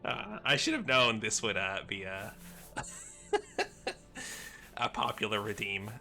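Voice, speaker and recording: A man's voice: fairly low pitch, very animated, slow pace, gravelly, pushed and bright. A male livestreamer chatting casually over his gameplay with chuckling, rambling asides. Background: game music.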